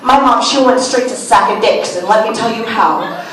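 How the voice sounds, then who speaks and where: Young woman comic, swears a lot, kinda high voice, echoey club, mic sounds far away. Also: moderate pace, crowd noise. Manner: candid, profane storytelling. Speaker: stand-up comedian. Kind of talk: stand-up comedy set. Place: small comedy club stage.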